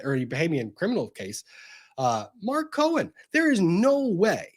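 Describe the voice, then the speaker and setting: A man's voice: on the high side, very animated, normal speed. A man, a lawyer hosting a reaction commentary, ranting in an exasperated, sarcastic way. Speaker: lawyer and channel host.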